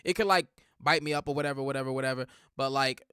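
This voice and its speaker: A young man hosting a reaction video, talking casually in slang, animated and laughing often. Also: medium pitch, fast, clear, resonant tone, no echo, studio quality. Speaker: reaction channel host.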